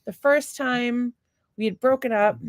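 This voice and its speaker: A woman's voice: on the high side, unhurried, no room sound. A woman co-hosting a casual podcast with her husband, rambling through blunt, profane stories and opinions. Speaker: podcast co-host. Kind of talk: casual crude banter.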